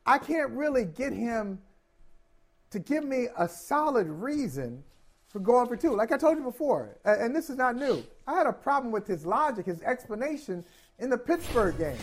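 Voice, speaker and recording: A high-pitched man argues football calls on a sports talk show, opinionated and animated. He stumbles and restarts as he builds his case. Faint music sits underneath. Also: moderate pace. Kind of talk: casual sports debate.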